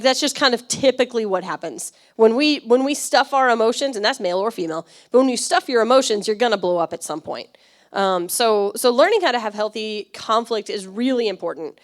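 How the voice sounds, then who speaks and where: A woman pastor giving a conversational sermon, chatty and quick to laugh, often checking in with her listeners. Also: a little high, expressive. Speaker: church pastor.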